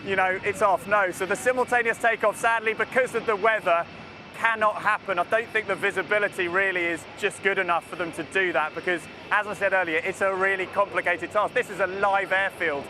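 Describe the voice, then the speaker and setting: A man reporting live from an airfield, talking enthusiastically and with excitement. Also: high-pitched, brisk. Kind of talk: live outdoor news report. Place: outdoors at a busy airfield. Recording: noisy outdoor live feed. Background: traffic noise.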